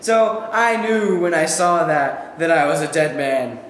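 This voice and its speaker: A young man performing a memorized comic monologue as a student, animated and acting out quotes with shouts, in a school hall with echo and faint background noise. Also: a little high, measured pace.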